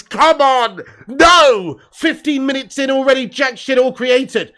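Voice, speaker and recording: A man's voice: extremely high pitch, bright, forceful tone. A man hosting a live football watch-along, reading viewer chat aloud and commentating with lots of swearing and laughter. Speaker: host.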